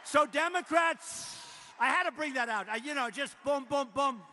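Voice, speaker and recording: A man delivers a rally speech from a podium in a large arena, boastful and repetitive, dropping into quiet asides and then shouting out the big lines. His voice sits very high for a man, and the sound rings with long reverb over a faint crowd murmur. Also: normal speed, a little hiss or hum. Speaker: political speaker at a rally.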